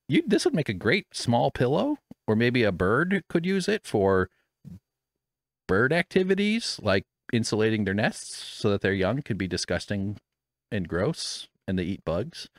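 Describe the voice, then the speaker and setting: A man's voice: fairly low pitch, no echo. A man hosting a podcast from a home studio, talking in a rambling, self-deprecating way and swearing freely. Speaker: podcast host. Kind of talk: casual rambling chat. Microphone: studio microphone with headphones.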